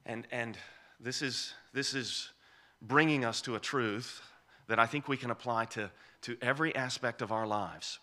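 A man's voice: medium pitch, normal speed, pushed and bright. A man preaching an expository sermon, emphatic and repeating key phrases for weight.

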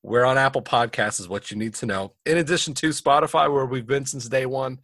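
A man co-hosting a casual podcast, chatty and relaxed, with plenty of fillers and restarts. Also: medium pitch, a little fast, no echo, clean studio sound. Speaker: podcast co-host.

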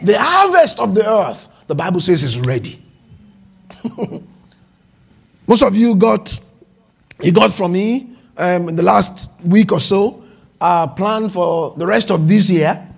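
High, gravelly-voiced man preaching a sermon. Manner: preaching with swings between fast asides and slow, drawn-out emphasis; repeats and restarts words often. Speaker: pastor.

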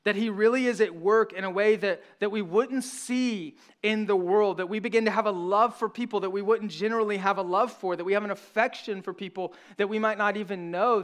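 Earnest high-voiced male pastor preaching. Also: fairly bright tone. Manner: conversational and earnest, with frequent restarts. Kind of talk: sermon.

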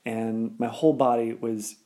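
Laid-back man with a mellow voice. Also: mid-range voice, level tone, moderate pace. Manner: rambling, laid-back, heavy use of filler words. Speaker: storyteller. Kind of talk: casual personal storytelling.

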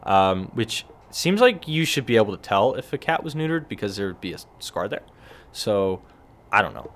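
A man's voice: lowish voice, moderate pace. A man hosting a casual solo podcast, telling stories in a rambling, wry way and acting out what other people said. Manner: rambling, wry storytelling with lively acted-out quotes. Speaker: podcast host. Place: relaxed evening setting with a cigar and beer.

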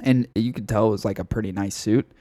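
Casual podcast co-host, a man with a lowish voice and a dry, close sound, swearing freely as he tells his story. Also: quick pace, no room sound. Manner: profane, animated storytelling. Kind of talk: casual chat.

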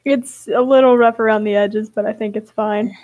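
A woman's voice: medium pitch, steady tone, normal speed, dry recording, narrow, tinny audio. A woman hosting a casual podcast chat, laughing often and nudging the group to get started. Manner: giggly, keeps steering back to the episode. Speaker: podcast host.

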